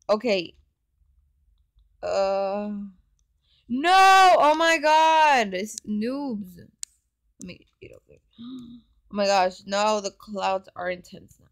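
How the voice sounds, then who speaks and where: A woman giving casual gameplay commentary on her phone, excitable and full of gasps and exclamations. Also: mid-range voice. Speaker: gaming channel host. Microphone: phone microphone while screen recording.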